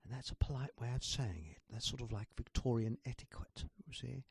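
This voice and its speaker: A man telling a rambling joke with many fillers, in a husky, gravelly voice. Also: mid-range voice, a little fast, dry recording. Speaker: joke teller. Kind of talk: telling a joke, replayed clip.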